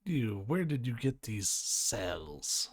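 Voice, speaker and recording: A man's voice: mid-range voice, very animated, slow pace, slightly rough, no room sound, studio quality, full character voice. A man reading the lines of an arrogant, hostile older scientist in a video game, speaking in a scornful, demanding manner. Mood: interrogating.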